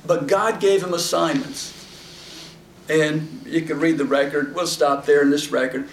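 A man's voice: on the high side, fairly even intonation, a little slow. A man giving a conversational Bible teaching, reading verses and retelling them in a folksy, casual way. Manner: folksy, paraphrases scripture in casual voices. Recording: echoey room, mic at a distance, faint background noise.

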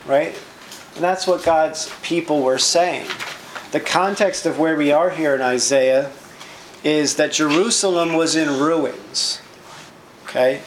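A man's voice: on the high side, reverberant, slight background noise, low-quality recording. A man preaching a sermon, reading verses and explaining them in a conversational teaching way, often checking in with "right?".

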